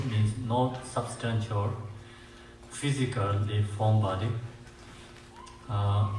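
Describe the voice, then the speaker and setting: A man with as his language gives a dharma teaching as a Buddhist teacher. He talks haltingly, with many fillers and restarts, and slows down to chant mantras. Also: medium pitch. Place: meditation centre hall. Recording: echoey room, mic far off, faint hiss.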